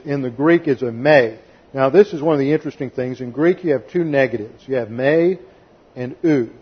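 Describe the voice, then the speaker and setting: A man with a medium-pitched, breathy-edged voice is heard on a muffled recording. As a pastor giving a methodical expository sermon, he reads the text aloud, breaks down the Greek grammar, and at times voices quotations sarcastically.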